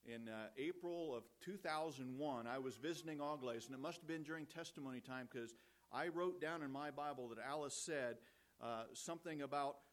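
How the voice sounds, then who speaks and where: A male pastor giving a funeral eulogy in a warm, conversational storytelling manner, with gentle humor and repeated phrases for emphasis. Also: on the high side, normal speed.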